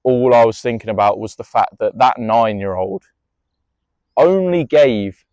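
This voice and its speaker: A man's voice: medium pitch, unhurried, a little mellow, no echo. A young man tells a personal story in a rambling, emotional way, swearing freely and restarting often.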